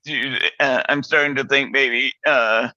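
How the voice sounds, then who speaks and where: A man's voice: medium pitch, steady tone, a little slow, bright, forceful tone, no echo. Blunt man on dull remote audio. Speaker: sports talk co-host. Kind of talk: casual sports chat.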